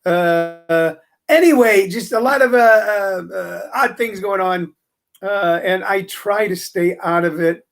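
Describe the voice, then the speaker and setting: A man's voice: high-pitched, slow pace. Man hosting a wry, rambling comic monologue. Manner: wry, joking, lots of ums and uhs. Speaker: podcast host and comedy teacher.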